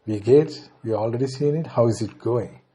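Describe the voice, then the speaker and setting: A man from India with an Indian English accent, teaching a beginner language lesson and slowly repeating each phrase before translating it. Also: mid-range voice, mellow.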